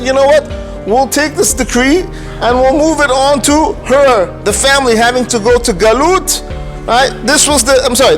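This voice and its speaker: A man, a rabbi, telling a story in an animated way and mixing Hebrew and Yiddish terms into his talk. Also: very high voice. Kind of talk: storytelling lecture.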